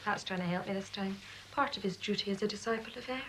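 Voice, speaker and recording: A woman's voice: medium pitch, fast talker, fairly bright tone, slight background noise, close to an everyday voice, poor audio. An actress playing a worldly woman who speaks in a dry, sardonic way about her past. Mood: wry. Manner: wry, sardonic. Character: worldly woman, bitter and wry. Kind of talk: TV drama acting.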